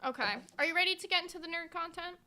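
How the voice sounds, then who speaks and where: A woman's voice: extremely high pitch, very fast, bright, forceful tone. A woman hosting a livestream in casual chat, blunt, bossy and profane. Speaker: livestream host.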